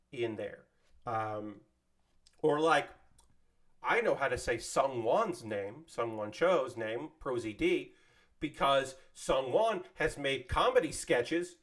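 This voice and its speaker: Male streamer, casual swearing chatter, voice sits a bit high, thanks chat as he builds. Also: fairly bright tone. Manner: rambling and conversational, swears casually; thanks viewers and subscribers by name. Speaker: streamer building LEGO sets live.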